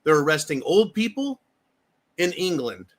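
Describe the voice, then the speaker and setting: A man's voice: a little high, big pitch swings, unhurried. Fiery, profane male commentator. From United States. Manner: angry, profane ranting with repeated phrases. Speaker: political commentary host. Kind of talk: heated political commentary.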